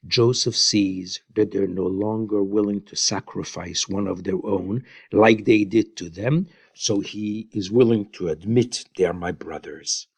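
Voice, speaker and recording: A man retelling Bible stories in an informal, unhurried way, adding his own comments and Hebrew phrases, recorded on a close mic in a quiet room. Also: on the low side, fairly even intonation, gravelly, slightly rough, no room sound. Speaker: Bible teacher.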